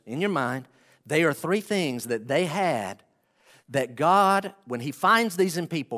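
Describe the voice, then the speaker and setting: Pastor, male, preaching, mid-pitched, hushed then loud and pleading, long hall reverb. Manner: swings from hushed to loud pleading, acts out prayers. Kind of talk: sermon.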